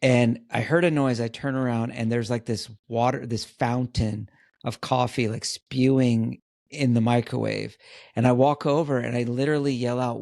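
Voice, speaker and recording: Gravelly-voiced man telling stories. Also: medium pitch, steady tone, normal speed, darkish tone, no echo, clean studio sound. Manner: self-deprecating storyteller, chuckling at himself. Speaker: podcast guest. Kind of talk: casual podcast conversation.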